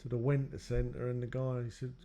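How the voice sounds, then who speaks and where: A man's voice: mid-range voice, flat delivery, fairly quick, mellow, a little hiss or hum. A man telling his own life story in a loose, rambling way, acting out what others said to him. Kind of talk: personal storytelling.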